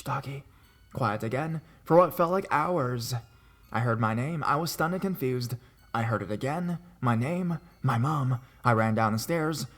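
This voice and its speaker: A man reading a horror story aloud in a dramatic style, his voice climbing higher and louder at the tense moments. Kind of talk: scripted horror story narration.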